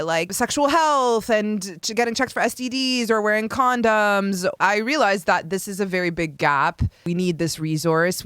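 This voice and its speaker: A woman's voice: medium pitch, a bit bright, clear, resonant tone, no room sound, studio quality. A woman in her thirties from Canada, hosting a solo podcast and telling her own story with comedic energy, acting out the voices she quotes. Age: 30s. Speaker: podcast host.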